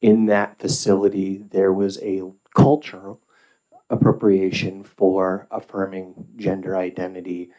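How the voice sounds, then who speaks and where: Man, very low pitch, monotone, formal measured testimony, some fillers. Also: muffled recording. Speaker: public witness at a legislative hearing.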